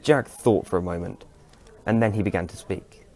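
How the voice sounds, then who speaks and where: A man narrating a fan audio drama in a steady storytelling manner. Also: low voice, normal speed.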